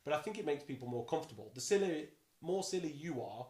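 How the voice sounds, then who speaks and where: A bassy-voiced man who sits slightly high in his range chats playfully as a podcast guest. He keeps his talk animated and slips into quick silly character voices. The sound is roomy and echoey. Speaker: dungeon master guest. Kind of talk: casual podcast chat.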